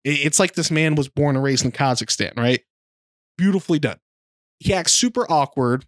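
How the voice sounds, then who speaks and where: A man co-hosting a podcast, retelling film scenes in casual chat with animated delivery. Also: a little high, normal speed, no room sound. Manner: animated storytelling, slips into a mimicked accent. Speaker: podcast co-host.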